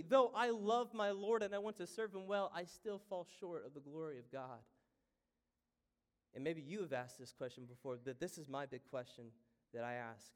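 A male pastor preaching a sermon, moving from hushed, reflective lines to loud, fervent ones. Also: a little high, clear, resonant tone. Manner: impassioned preaching with wide swings from hushed to loud. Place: church sanctuary.

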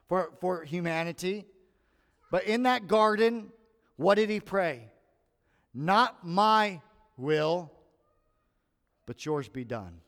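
Male pastor, lively sermon delivery, slightly raised pitch, long reverb of a large hall. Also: gravelly. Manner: animated preaching, acts out quoted voices.

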